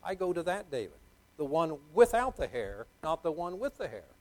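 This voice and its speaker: A man's voice: fairly high pitch, sing-song, normal speed, darkish tone, poor audio. Emphatic middle-aged male preacher. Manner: emphatic, repeats key words, quizzes the congregation. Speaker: pastor. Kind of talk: sermon.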